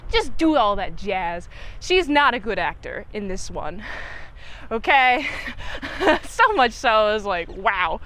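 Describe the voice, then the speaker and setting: A woman recapping a movie in a casual chat, animated and playfully mocking, bursting into squealing impressions. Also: sits high. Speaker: movie reviewer.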